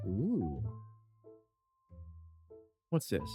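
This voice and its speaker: Playful man with a lively voice. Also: medium pitch, slow, pauses often, faint music behind. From Philippines. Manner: playful, chuckling, animated. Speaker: streamer. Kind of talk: casual live-stream chat, reading comments aloud.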